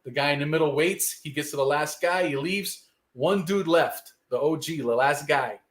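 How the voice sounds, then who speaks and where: Profane New storyteller, a bit high. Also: male voice, moderate pace, fairly bright tone. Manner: rambling, profane, street-slang delivery. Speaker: guest musician. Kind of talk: casual storytelling in an interview.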